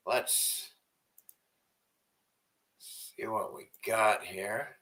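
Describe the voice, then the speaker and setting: A man with a low voice and a sharp, forceful edge rants at his viewers, swearing constantly. He streams from home and shifts between grumbling and loud outbursts of anger. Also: a little slow. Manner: angry, profane ranting. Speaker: livestreamer. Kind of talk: livestream rant and chat.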